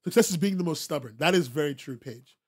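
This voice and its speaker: A man's voice: a little high, animated, fast, a little mellow, breathy edge. Blunt, swearing podcast host, man. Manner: blunt and profane, repeats himself for emphasis; laughs often. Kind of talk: casual chat to a live stream audience.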